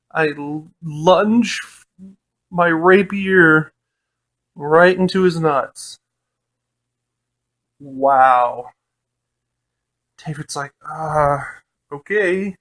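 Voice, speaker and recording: A man's voice: a little high, a bit bright. A man casually recounting a tabletop game session, laughing often and swearing freely, with lots of fillers. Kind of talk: casual storytelling.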